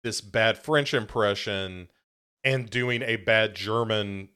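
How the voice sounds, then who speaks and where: A man's voice: on the low side, takes it slowly, sharp tone, clean tone. Man adding plot details in casual chat. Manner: adds plot details, short agreeing replies. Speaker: podcast co-host.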